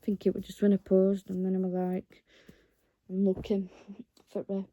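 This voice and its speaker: A woman's voice: medium pitch, monotone, normal speed, warm tone, no echo, lo-fi sound. A woman vlogging to camera in a casual, rambling way, earnest and encouraging toward her viewers.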